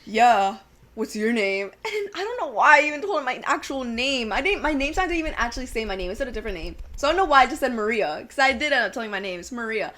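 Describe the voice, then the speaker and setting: A woman co-hosting a podcast, telling a story in casual chat with relaxed slang. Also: high-pitched, rapid-fire, few pauses. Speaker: podcast co-host.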